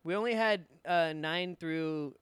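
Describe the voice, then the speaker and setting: Smooth-voiced young man, halting story. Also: fairly high pitch, fairly bright tone, no room sound. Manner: halting, filler-heavy storytelling with swearing. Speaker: podcast co-host. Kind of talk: casual chat.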